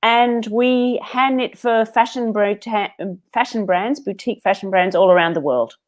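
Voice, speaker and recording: An Australian woman, a business owner, answering as an interview guest in an earnest, measured storytelling way. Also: on the high side.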